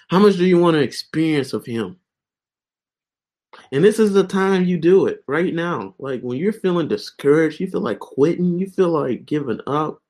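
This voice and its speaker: A man's voice: fairly high pitch, darkish tone. A young adult man giving a casual video devotional. He rambles earnestly and keeps dropping "man" and "guys" as he speaks. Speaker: online Bible teacher.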